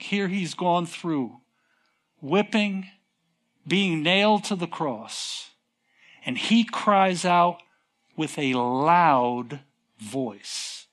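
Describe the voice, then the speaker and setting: A man preaching a sermon in an unhurried, emphatic way, stretching words for stress and slipping into folksy conversational asides. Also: sits high, a bit bright.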